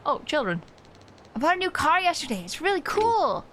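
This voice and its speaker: Animated, passionate woman streamer. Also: high voice, moderate pace, a little hiss or hum. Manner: passionate, animated, laughs often. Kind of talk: casual live-stream chat while gaming.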